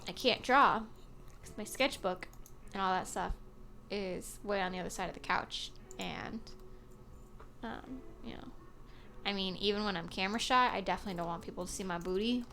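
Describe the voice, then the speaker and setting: A woman's voice: mid-range voice, moderate pace, pauses often, sharp tone, faint music behind. A woman chatting casually beside a streamer, teasing and joking. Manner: teasing, joking, laughs often. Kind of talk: casual chat.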